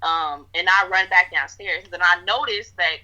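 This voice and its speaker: Recorded on dull lo-fi audio, a woman being interviewed tells a rambling story full of fillers. She has a lowish voice, pushed and bright, at normal speed.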